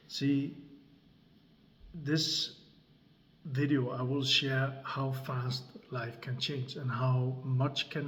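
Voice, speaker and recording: A man, telling a personal story slowly and deliberately, with long pauses between phrases. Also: medium pitch. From Denmark. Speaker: creator and coach. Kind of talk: slow dramatic storytelling.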